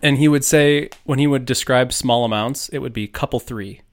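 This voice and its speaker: A man's voice: mid-range voice, normal speed. A man from Buffalo, New York, chatting casually as a podcast co-host, rambling with lots of fillers and laughing easily. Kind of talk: casual chat.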